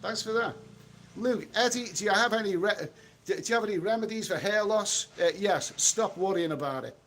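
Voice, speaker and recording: Middle-aged man, fairly high voice, blunt and chatty livestream host, outdoor street with faint traffic. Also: a bit bright. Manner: blunt, chatty, quick to snap at trolls. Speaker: travel vlogger reading live chat. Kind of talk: casual livestream chat.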